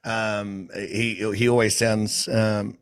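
A man with an Australian accent hosting a casual podcast interview in a relaxed, friendly way. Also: lowish voice, takes it slowly, smooth. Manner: relaxed, friendly, trailing off quietly. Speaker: podcast host.

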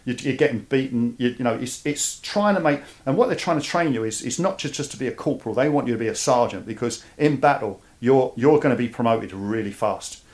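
A man from East London with a Cockney accent, a guest telling his story in a casual interview. He speaks in an animated way and often repeats words as he starts a thought. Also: mid-range voice, fairly quick, few pauses. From East London, England. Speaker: guest, army veteran.

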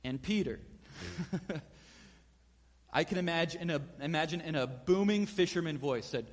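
A man preaches in a high, bright-edged voice, telling the story with lively energy and playing out each quote. His words ring with the long reverb of a large hall. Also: measured pace, pauses often. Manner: animated storyteller acting out quotes. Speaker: pastor. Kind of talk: sermon.

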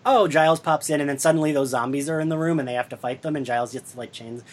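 Giggly enthusiastic podcast host. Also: medium pitch. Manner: giggly, enthusiastic, quotes scenes in quick bursts. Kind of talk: casual fan chat.

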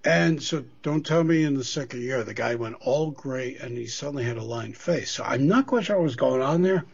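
On a podcast he co-hosts, a middle-aged man from the US East Coast talks casually, wandering off track, starting over, and cursing. His voice sits in the mid range, creaky and slightly rough, with lively intonation at a moderate pace, in dull lo-fi sound.

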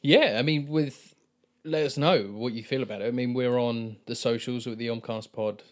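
A man's voice: medium pitch, normal speed. A man co-hosting a podcast, talking casually with blunt, sweary exasperation. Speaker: podcast co-host.

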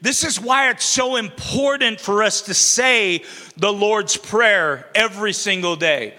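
A man's voice: high-pitched, a little slow, pushed and bright. A middle-aged man preaching a sermon in a church, conversational and self-deprecating, with jokes between points. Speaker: pastor. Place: church sanctuary. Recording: long reverb of a large hall.

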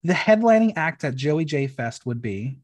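A man's voice: fairly high pitch, big pitch swings, normal speed. A man hosting a podcast interview, reading out playful fill-in-the-blank prompts in an upbeat way. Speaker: podcast host.

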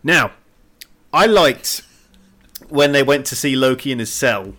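A man's voice: mid-range voice, animated, a little slow, pushed and bright. A man co-hosting a film podcast, recapping the plot and chatting casually with lots of laughs and stumbles. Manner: chatty, giggly, rambling with stumbles; reads plot summary in a storytelling tone. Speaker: podcast co-host.

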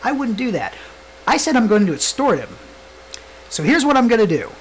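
A man's voice: very high voice, very animated, brisk, a little hiss or hum, rough recording. Laughing, teasing male podcast co-host. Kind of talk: casual chat.

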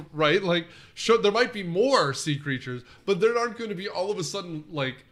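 Man, casual movie-review chat, rambling, slightly high pitch. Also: animated, normal speed, fairly bright tone. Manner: rambling, lots of "like", laughs often. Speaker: podcast co-host.

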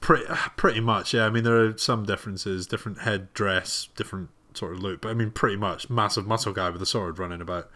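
Bright-voiced man in teasing banter. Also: on the low side, fairly even intonation, fast, few pauses. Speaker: podcast co-host. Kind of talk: casual chat.

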